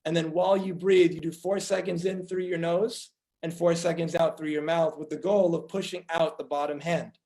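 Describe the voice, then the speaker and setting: A man's voice: on the high side, little pitch movement, normal speed, darkish tone, poor audio. A man, a doctor, giving a conference talk, earnestly telling patient stories and acting out their dialogue.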